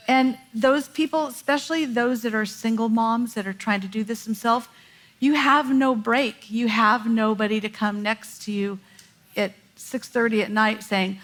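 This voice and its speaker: Woman, middle-aged, lively storyteller, fairly high voice, church stage. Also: moderate pace. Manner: animated, laughing storyteller. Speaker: pastor's wife sharing a story. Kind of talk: sermon storytelling.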